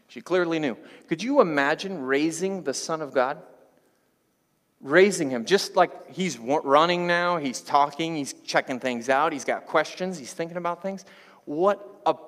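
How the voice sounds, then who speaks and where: A man's voice: a little high, long reverb tail. A man preaching a sermon as pastor, talking in a loose, conversational way and joking with the congregation. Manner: conversational, animated, jokes with the congregation.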